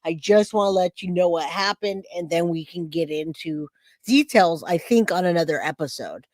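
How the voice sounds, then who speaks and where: Chatty low-voiced woman streamer. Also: normal speed, a little mellow, dry recording. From California. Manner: chatty, talks to chat by name. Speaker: true crime streamer host. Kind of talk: casual live-stream commentary.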